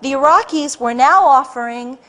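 A woman speaking to a live audience, telling her story in an animated way with many restarts and acted-out quotes. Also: high voice, normal speed. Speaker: public speaker.

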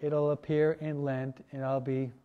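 A man, a priest, teaching a parish catechesis class in a relaxed, conversational way, asking his listeners questions. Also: mid-range voice, a little slow, smooth, phone-quality sound. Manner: conversational, asks the audience questions, many restarts and asides. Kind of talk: informal parish teaching talk.

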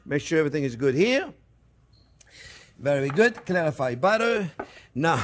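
A man's voice: a little high, a little hiss or hum. A male chef hosting a cooking demonstration in a kitchen, talking in a chatty, jokey way and calling the viewers his friends. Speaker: cooking show host, chef. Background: faint sizzling pan.

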